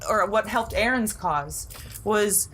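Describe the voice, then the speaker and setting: A woman's voice: mid-range voice, slow, a bit bright, slight background noise. A middle-aged woman, a podcast guest, telling a personal story in a rambling casual way, full of fillers and frequent laughter.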